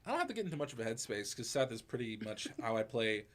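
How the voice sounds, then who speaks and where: A man's voice: medium pitch, very animated, fast talker, a crowd in the background. A man hosting a casual podcast Q&A, laid-back and rambling, with lots of fillers. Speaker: podcast host. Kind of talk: casual chat.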